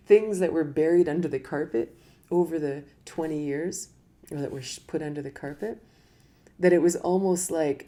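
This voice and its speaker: A middle-aged woman giving a casual spoken talk as a spiritual teacher, animated and often laughing as she acts out inner voices. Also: low-pitched, moderate pace.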